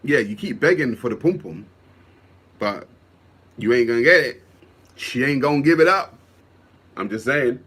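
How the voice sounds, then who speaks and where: A man's voice: mid-range voice, expressive, moderate pace, long pauses, a bit bright, slightly rough. A man, hosting a livestream and reading viewer comments aloud in a casual, musing way, often repeating himself.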